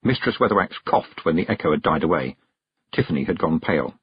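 A man narrating a fantasy novel aloud in a lively, expressive storytelling manner. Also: a bass voice, fast, slightly rough. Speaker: audiobook narrator. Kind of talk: scripted narration. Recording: dull, dry close recording.

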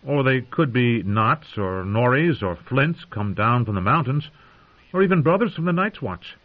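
A man's voice: mid-range voice, animated, moderate pace, pitched above the performer's own voice, lightly acted. A man voicing an anxious but brave young boy prince who speaks earnestly. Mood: determined. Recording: dull lo-fi audio.

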